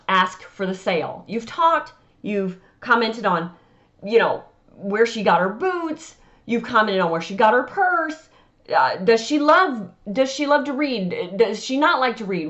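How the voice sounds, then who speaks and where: In this casual advice talk to camera, a woman author gives chatty, emphatic tips on selling at vendor markets, often acting out conversations with customers. Her voice is mid-range and a bit bright, with the highs cut off.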